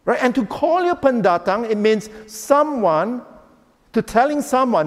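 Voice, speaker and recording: A man's voice: very high voice, sing-song, normal speed, big-room sound. A man preaching a sermon, acting out the quotes he reads. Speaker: pastor.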